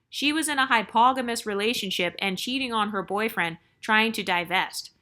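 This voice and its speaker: Woman host, bright tone, casual storytime reading with chatty asides. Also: medium pitch. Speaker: channel host. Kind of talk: reading a viewer's story and commenting.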